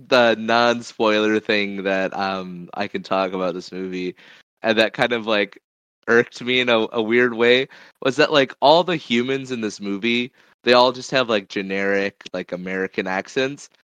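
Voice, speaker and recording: A man co-hosting a casual movie chat podcast, halting with frequent ums and easy laughs. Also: on the low side, fairly bright tone, clear, resonant tone, no echo, lo-fi sound. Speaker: podcast co-host.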